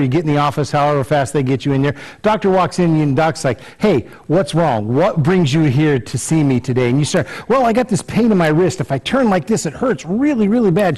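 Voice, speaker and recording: A man's voice: a little high, darkish tone. A man preaching a conversational sermon in church, with many fillers and repeated words, acting out little scenes in a raised voice. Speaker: pastor.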